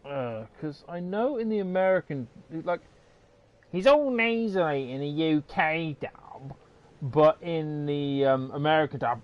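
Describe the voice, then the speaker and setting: An English man chats through a game livestream, often drifting into rants full of swearing. His voice sits a little high, and he talks at an unhurried pace. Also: lively intonation, dry recording. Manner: ranting, swearing freely. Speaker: game streamer. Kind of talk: casual livestream commentary.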